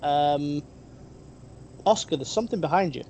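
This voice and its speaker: A game master narrating a tabletop role-playing game, pausing often with ums and restarts. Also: medium pitch, animated, a little mellow, a little hiss or hum, poor audio. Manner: hesitant, many ums and restarts.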